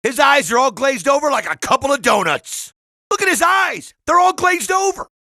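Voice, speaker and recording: A man bellows wrestling commentary lines for a video game, full of excited exclamations. His voice sits high and swoops widely, with a bright, gravelly bite. The studio sound is dry and close. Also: normal speed, no echo.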